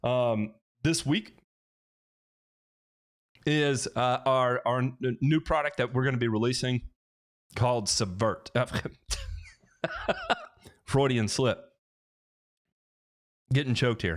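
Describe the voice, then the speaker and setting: A man's voice: medium pitch, unhurried, long pauses. A man hosting a casual livestream on a headset mic, answering viewer questions in a rambling way with lots of restarts, fillers and joking asides.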